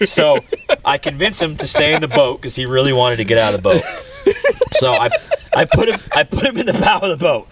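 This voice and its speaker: A man's voice: on the high side, sing-song, brisk, pauses often, a bit bright, slight background noise. A man, telling a story in a casual talk show and laughing as he goes. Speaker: podcast host.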